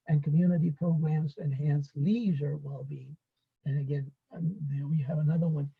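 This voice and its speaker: A man's voice: on the high side, vocal fry, breathy edge, phone-quality sound. A man giving an unscripted webinar lecture, with frequent fillers and restarts.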